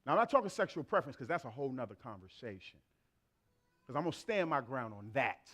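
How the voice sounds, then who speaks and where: A man's voice: medium pitch, very animated, fast, fairly bright tone. A middle-aged man preaching a sermon as pastor, telling comic family stories and acting out the dialogue. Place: church sanctuary.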